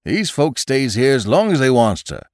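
A man voicing a blunt, plain-spoken rustic landlord with rough country grammar. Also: medium pitch, sing-song, normal speed, dry recording, clean studio sound, voice pushed up. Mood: gruff. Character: gruff rustic older landlord, blunt and kindly.

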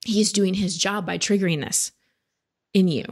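A woman in her thirties giving a caller direct but gentle coaching advice on a talk show. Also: medium pitch, fairly even intonation, normal speed.

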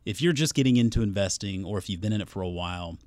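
A man's voice: on the low side, lively intonation, quick pace, darkish tone, no echo. A man, an investment analyst, chatting casually and thoughtfully, often hedging his points. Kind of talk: casual chat.

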